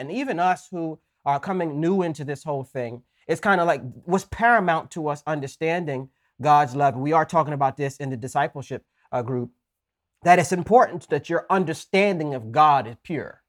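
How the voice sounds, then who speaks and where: A man with a slightly high voice preaches a sermon conversationally, often checking in with "right?" and adding folksy asides. When he reads scripture, he slows down and leans on the words with emphasis.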